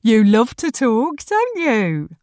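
A woman voicing an excitable woman who gushes over a cat while walking her dog. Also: a little high, slow, dry recording, studio quality, pitched above the performer's own voice, exaggerated voice. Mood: gushing. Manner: gushing, exclamatory.

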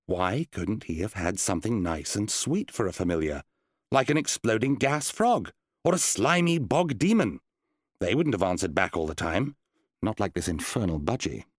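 A man reading a children's fantasy story aloud in an expressive, storytelling way. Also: on the low side, normal speed, no room sound. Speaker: narrator. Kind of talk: audiobook reading. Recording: dry close studio sound.

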